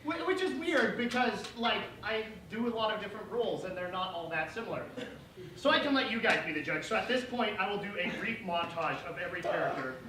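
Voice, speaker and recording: A man's voice: high voice, lively intonation, fairly quick. A young man telling a comic story on stage in a casual, profane way, laughing often. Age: young adult. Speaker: student performer. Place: auditorium stage with an audience. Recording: echoey hall, distant mic, noise.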